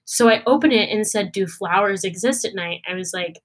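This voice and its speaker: A young woman, a guest performer, telling a story in a casual interview and acting out the quoted dialogue with lively energy. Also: on the high side, fast. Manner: animated, acts out quoted dialogue.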